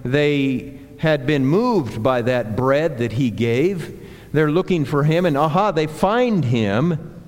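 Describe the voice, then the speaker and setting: A man preaching a sermon as a pastor, slow and deliberate, building emphasis through repeated phrases. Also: a little high, animated. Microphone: handheld or clip mic that slipped. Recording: long hall reverb.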